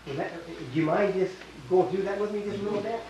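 An older man with a Canadian accent teaches a Bible class in a small church hall, his voice sitting high, fast, and dark-toned, with the highs cut off. He's emphatic, repeats himself, and quizzes his listeners. The room is echoey, the mic distant, with faint hiss.

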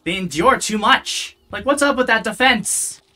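Gamer with a bright, sarcastic mutter. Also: mid-range voice, lively intonation, a little slow, slight background noise. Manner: dry, sarcastic self-talk, muttering while playing. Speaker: let's play gamer. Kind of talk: casual gameplay commentary.

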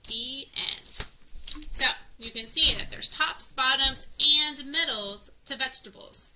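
A woman's voice: sits high, slow, sharp tone, a little hiss or hum, rough recording. A woman reading a children's picture book aloud, stopping to add friendly teaching asides. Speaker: children's story reader.

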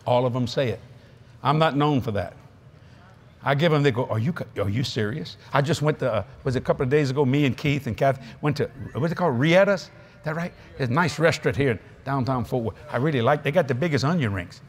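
A man preaching at a convention, telling folksy stories in an animated way with frequent laughs. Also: mid-range voice, quick pace, slight background noise. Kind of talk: storytelling sermon to a live audience. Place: convention stage.

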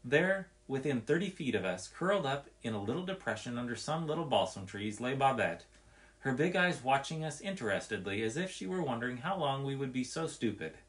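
A man reading a nature story aloud in an expressive, measured way. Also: mid-range voice.

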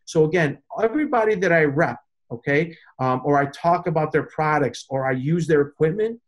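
A man, a pizza chef and consultant, telling stories in a casual interview and acting out the voices of people he quotes. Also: fairly high pitch. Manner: animated, acts out quoted voices.

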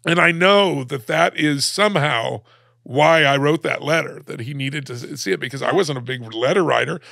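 Middle-aged male guest from Alabama, very gravelly, dry close mic, emotional storyteller with restarts. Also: fairly high pitch, pushed and bright, dry recording. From Alabama, USA. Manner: halting, many restarts, close to tears. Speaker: guest, cartoonist.

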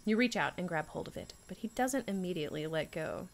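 A woman streaming a dating game, reading it aloud with sarcastic asides, frequent giggles and loud reactions. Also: lowish voice, lively intonation, fairly quick, vocal fry.

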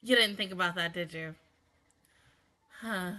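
A woman's voice: on the low side, a little slow, pushed and bright. A woman hosting an anime reaction video, chatting casually and exclaiming along as she watches.

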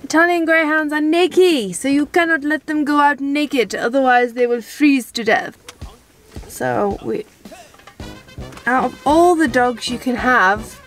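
A woman's voice: high voice, a little slow, faint music behind. A woman chatting casually and playfully to her camera as a dog-owning vlogger, swearing often. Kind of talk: casual vlog chat. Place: in a car and outdoors in snow. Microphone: handheld camera.

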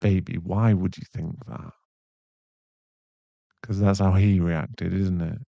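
A young man in a whispered role-play, voicing a caring, protective boyfriend who speaks softly and reassuringly, with a gravelly voice. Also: low voice, fairly even intonation, no room sound, muffled recording, full character voice. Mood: tender. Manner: soft, reassuring, slow-spoken. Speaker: ASMR voice actor.

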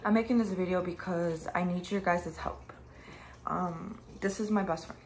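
A young woman speaking straight to camera in a lowish voice, grief spilling over into furious, profane ranting. Her voice breaks with tears at times, and a faint hiss of background noise sits under it. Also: steady tone, normal speed. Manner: grieving then angry, profane ranting. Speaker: vlogger. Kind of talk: emotional direct-to-camera vlog.

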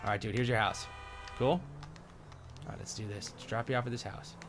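A man's voice: fairly low pitch, steady tone, fairly quick. A young man commentating over gameplay in a goofy, joking way, with mild swearing. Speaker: gaming video host. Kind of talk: let's play commentary. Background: game music and sounds.

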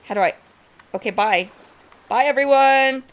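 A young woman playing through a story game, chatting excitably and reacting with little stammers. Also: high voice, normal speed. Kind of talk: casual let's-play commentary. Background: game music.

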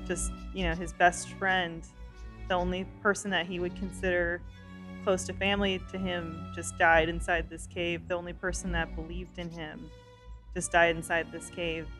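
A woman's voice: fairly low pitch, fairly bright tone. Woman narrating her game character. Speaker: player.

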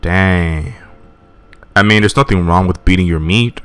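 Deep-voiced gamer, sarcastic let's play commentary. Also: male voice, unhurried, a bit bright, clear, resonant tone. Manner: joking, sarcastic. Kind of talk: casual gaming commentary.

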